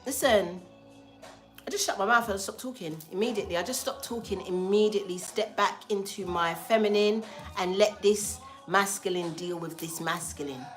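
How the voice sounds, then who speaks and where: A woman telling a story casually to a livestream audience, animated and slangy, acting out the lines of the people in it. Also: medium pitch. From England. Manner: animated, slangy, acts out dialogue. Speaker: spiritual livestream host.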